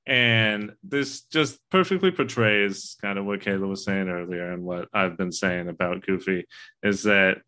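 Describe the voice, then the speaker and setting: Bright-voiced man in casual chat. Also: low voice, a little slow. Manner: earnest, rambling, swears casually. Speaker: podcast co-host. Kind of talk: casual movie discussion.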